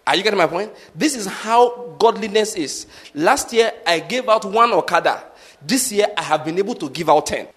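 Preacher guy, kinda high voice, keeps asking are you getting my point. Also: expressive, normal speed, fairly bright tone, slightly rough. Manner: repeatedly asks the congregation if they follow; practical teaching with examples. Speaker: pastor. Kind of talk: sermon.

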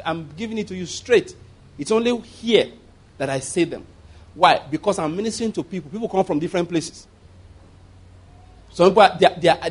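A man preaching a conversational sermon as pastor, rambling through asides and chuckling often. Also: high-pitched.

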